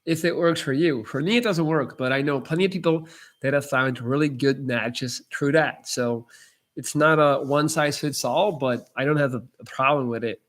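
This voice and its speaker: A man's voice: mid-range voice, normal speed, fairly bright tone. A man answering viewer chat on a casual live stream, blunt and emphatic and swearing freely.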